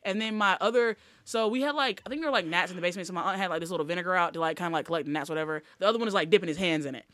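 A woman comedian chatting as a podcast guest, rambling through stories with many "like"s. Her voice is bright and forward, recorded close with almost no room sound. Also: lowish voice, rapid-fire, hardly any pauses, dry recording. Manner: loose, storytelling, lots of "like". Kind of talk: casual podcast chat.

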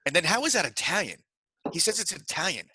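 A middle-aged man co-hosting a casual chat show, blunt and teasing, quick to correct others. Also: sits high, big pitch swings, pushed and bright, husky, no echo. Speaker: podcast co-host.

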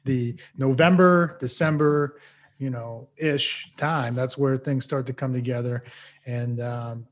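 A man's voice: medium pitch, fairly even intonation, slow pace. A man co-hosting a casual sports podcast, laid-back and joking, swearing now and then. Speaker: podcast co-host.

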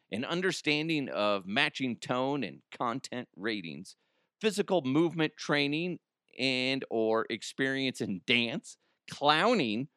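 A man's voice: medium pitch, a bit bright, smooth, dry recording, studio quality. A man hosting a podcast, ranting in a crude, rambling comedic monologue and often laughing. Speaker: podcast host.

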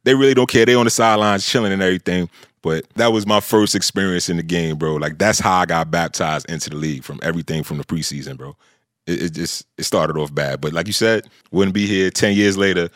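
A man in his thirties tells stories in a relaxed, slangy way, dropping "bro" and "you know what I'm saying" all through. His voice sits fairly low. The mic is close and the sound is dry. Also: fast, dry recording. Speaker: former pro football offensive lineman, podcast guest. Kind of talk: casual chat, storytelling.

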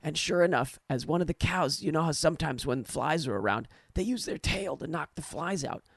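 A man putting on the voice of a golfer at a bar recounting a long, animated story of his round. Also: fairly high pitch, a little fast, vocal fry, no echo, studio quality, full character voice. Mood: storytelling. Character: adult male golfer spinning a long tale.

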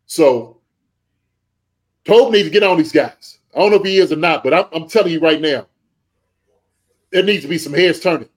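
A man with a fairly high voice delivers fired-up podcast commentary from home, grading a team like a coach. He lectures players bluntly and keeps checking in with "okay?". His voice climbs when he gets worked up and drops low between points. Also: moderate pace, pauses often, slightly rough, rough recording. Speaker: former pro football player and special teams coach grading a team.

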